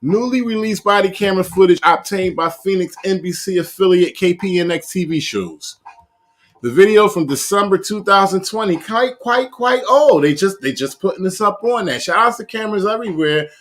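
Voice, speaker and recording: A man's voice: high voice, brisk, a bit bright. A man hosting a live review of police videos, reading a news story aloud and adding blunt, profane jokes. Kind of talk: casual live video commentary.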